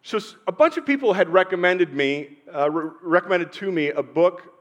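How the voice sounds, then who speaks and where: A middle-aged male pastor with a voice pitched a little above the usual for a man, preaching a sermon. He tells personal stories unhurriedly, pausing often, then swelling in loudness to drive a point home. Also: expressive, lo-fi sound. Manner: personal storytelling with pauses and sudden swells in loudness.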